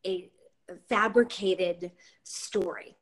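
A woman hosting a podcast interview, asking questions and talking in a thoughtful, searching way with pauses and fillers. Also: on the low side, steady tone, a bit bright, poor audio. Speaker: podcast host.

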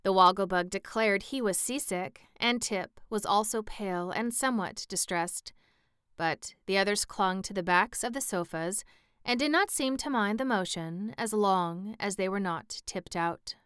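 A woman narrating a children's storybook aloud in a steady, even storytelling manner. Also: mid-range voice, clear, resonant tone, dry recording, clean studio sound. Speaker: audiobook narrator. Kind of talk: scripted narration.

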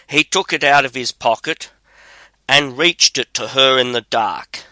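A man calmly reading a fairy tale aloud as narrator. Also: mid-range voice, measured pace, dry recording, poor audio. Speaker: storyteller.

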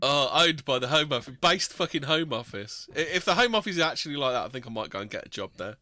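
A man's voice: a little high, lively intonation, quick pace, bright, forceful tone, no room sound. A man hosting a podcast, reading items aloud in a sarcastic, laughing manner and swearing freely. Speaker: podcast host. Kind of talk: casual chat, reading news aloud.

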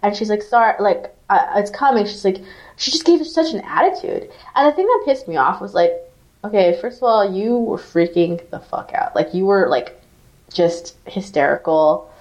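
A woman co-hosting a podcast, telling an animated, profanity-laced story full of "like" fillers in casual chat. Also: medium pitch, normal speed. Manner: animated, swearing, lots of "like" fillers. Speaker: podcast co-host.

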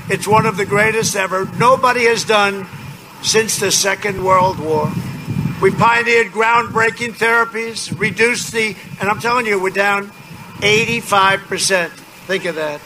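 A man giving a rambling, boastful campaign rally speech, repeating his phrases, outdoors. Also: high voice. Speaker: political candidate at a campaign rally. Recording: loud outdoor noise behind.

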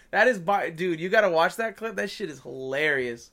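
A young man co-hosting a casual podcast, animated, swearing often and laughing a lot. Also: sits high, moderate pace, gravelly. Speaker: podcast co-host. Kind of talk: casual crude banter.

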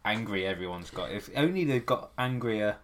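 A man's voice: fairly low pitch, lively intonation, normal speed. A man with a Northern English accent co-hosting a music podcast, chatting with dry, wry humor. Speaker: podcast co-host. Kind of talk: casual chat.

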